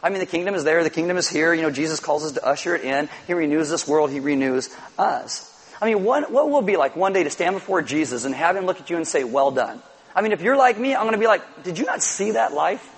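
A man's voice: fairly high pitch, fast talker, slightly rough, low-quality recording. A middle-aged man preaching a sermon to his congregation, telling stories and acting out little quotes. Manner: animated storytelling with acted-out quotes. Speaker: pastor.

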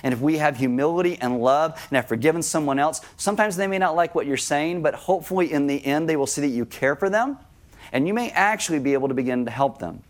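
A man's voice: on the high side, fast talker. A man preaching a sermon to his congregation, talking directly to them and acting out scenes with sudden raised voices. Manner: animated, acts out scenes with shouted voices; conversational, addresses congregation directly. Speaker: pastor.

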